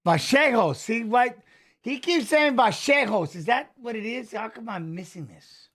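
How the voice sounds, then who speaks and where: A man's voice: extremely high pitch, expressive, a bit bright. A man hosting a fight watch-along in casual, rambling commentary, muttering asides and rattling off stats. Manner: rambling, muttered asides and quick stat reading.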